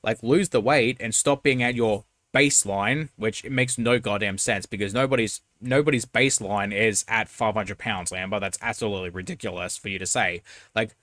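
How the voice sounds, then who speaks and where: A man's voice: on the low side, normal speed, a bit bright, dry recording. A man in his twenties hosting a reaction video, talking bluntly and with exasperation, swearing now and then. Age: 20s. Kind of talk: casual commentary.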